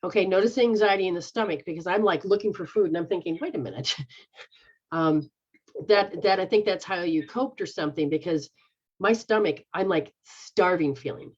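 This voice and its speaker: A woman's voice: on the low side, darkish tone. A woman healer guiding someone through a healing session, repeating a chant-like refrain and speaking directly to them. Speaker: spiritual healer. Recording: dull lo-fi recording.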